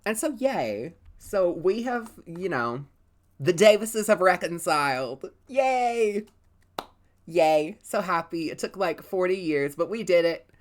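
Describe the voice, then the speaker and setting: A woman's voice: lowish voice, lively intonation, unhurried. A woman giving casual, rambling gameplay commentary, cursing freely and filling her talk with "like" and "you know". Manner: chatty, profane, rambling storytelling with many fillers. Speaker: let's play host.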